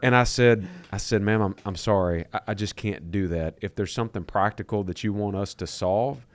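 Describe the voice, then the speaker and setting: A man co-hosting a podcast, talking in a relaxed storytelling way, with fillers and repeated words. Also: lowish voice, normal speed. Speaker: podcast co-host, company leader. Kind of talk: casual podcast conversation.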